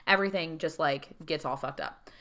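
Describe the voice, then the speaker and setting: A podcast co-host with a deep, slightly bright voice recaps a show in brisk, casual chat. She acts out quotes using put-on voices.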